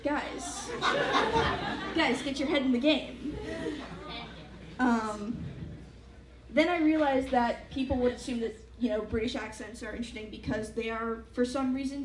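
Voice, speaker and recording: Young woman comic, high voice, wry self-deprecating, chatty with fillers, echoey hall, noisy live mic. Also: normal speed, darkish tone. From United States. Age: young adult. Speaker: student stand-up comic. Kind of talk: stand-up comedy set. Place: large hall with a live audience.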